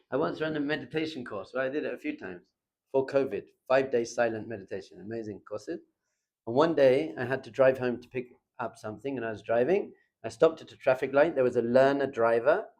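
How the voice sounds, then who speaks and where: A man teaching a lively Torah class in a classroom. He acts out little scenes and chuckles often as he talks. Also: mid-range voice, brisk.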